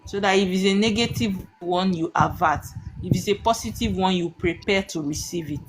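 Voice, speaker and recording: A woman's voice: on the low side, normal speed. A woman, hosting a live stream and teaching with emphatic rhetorical questions that she answers herself.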